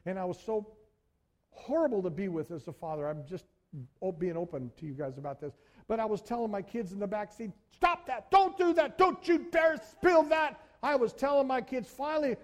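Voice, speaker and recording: A man preaching a sermon in church, telling stories with animated delivery and speaking directly to the congregation. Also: high voice. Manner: animated storytelling, addresses congregation as folks. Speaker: pastor.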